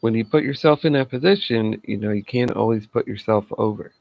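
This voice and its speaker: Chatty man with a gravelly voice. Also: fairly low pitch, brisk, lo-fi sound. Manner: chatty, laughs at his own jokes. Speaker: wrestling show reviewer. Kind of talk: casual solo review talk.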